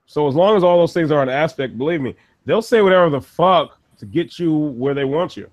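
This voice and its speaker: High-voiced man ranting profanely. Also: lively intonation, fairly quick, a little mellow, dull audio. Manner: profane, ranting, laughs often. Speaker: podcast co-host. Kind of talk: casual chat.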